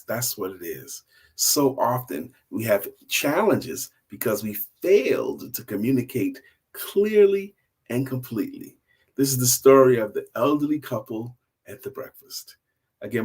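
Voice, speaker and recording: An older man hosting a storytelling show, telling a story in a relaxed, conversational, repetitive way. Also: medium pitch, unhurried, breathy edge. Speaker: storyteller host. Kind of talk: casual spoken storytelling.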